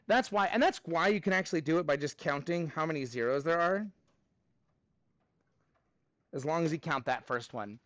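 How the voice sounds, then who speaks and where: Upbeat male math teacher with a high voice, counts steps aloud and thinks out loud, dry close recording. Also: normal speed, long pauses, no echo, dull audio. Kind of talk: live class review lesson.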